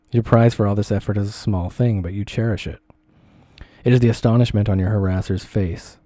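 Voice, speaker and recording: A man reading a second-person essay aloud in a measured, deliberate way. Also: fairly low pitch, steady tone, mellow, dry recording.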